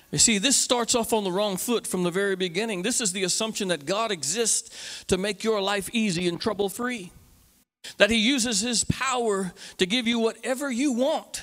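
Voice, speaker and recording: A man's voice: sits high, normal speed, a bit bright, long reverb tail. A man preaching as a pastor, speaking emphatically with repetition and call-and-response. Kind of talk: sermon.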